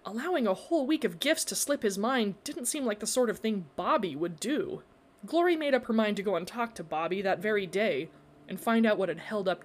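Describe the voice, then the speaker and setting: A woman narrating a story in a measured, expressive reading. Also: medium pitch, slight background noise.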